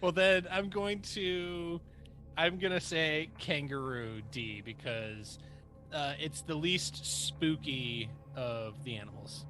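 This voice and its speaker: A man co-hosting a casual podcast, thinking out loud while answering a quiz. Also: a little high, takes it slowly, faint music behind. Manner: animated, laughing, thinks out loud. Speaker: podcast co-host, quiz contestant.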